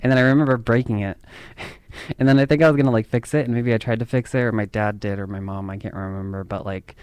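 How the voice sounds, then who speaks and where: Male host, lower voice, dry close sound; chatty, drifts off on tangents. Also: fairly even intonation, quick pace, darkish tone, smooth, no room sound. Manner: rambling, chatty, laughs at himself. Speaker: podcast host. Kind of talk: casual rambling monologue.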